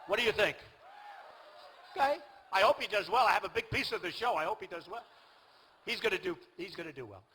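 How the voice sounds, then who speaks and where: A man's voice: high voice, lively intonation, brisk, pauses often, pushed and bright, a little hiss or hum, rough recording. A man, giving a boastful, rambling and repetitive rally speech. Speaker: political candidate at a rally. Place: large outdoor rally venue.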